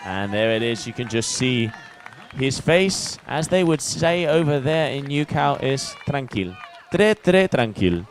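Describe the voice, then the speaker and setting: A man's voice: medium pitch, measured pace, some chatter behind, a little hiss or hum. A man giving playful, chatty color commentary on a paddleboard race. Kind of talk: live sports commentary.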